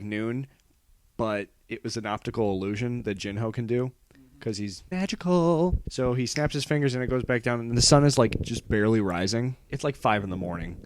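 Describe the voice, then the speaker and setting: Rambling male storyteller, fairly low voice. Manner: rambling, full of filler words. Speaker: storyteller recapping his character's adventure. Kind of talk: casual storytelling.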